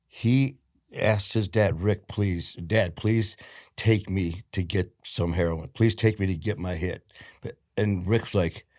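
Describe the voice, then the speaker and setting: Male host, low voice, dry close sound, conversational storyteller. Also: a little mellow, dry recording. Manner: storytelling, emphatic when retelling. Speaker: podcast host. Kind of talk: conversational interview.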